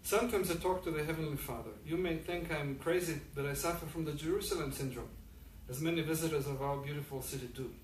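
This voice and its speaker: A man reading aloud the lines of a mysterious male stranger, calm and wry. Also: fairly high pitch, fast, few pauses, natural voice. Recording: echoey room, distant mic, faint noise.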